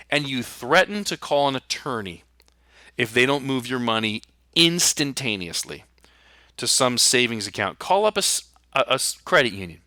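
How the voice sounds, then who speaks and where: Male podcast host, bright forceful tone, blunt sarcastic ranting, dry close mic. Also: mid-range voice, very animated, normal speed, dry recording. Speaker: podcast host and retirement planner. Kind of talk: solo podcast monologue.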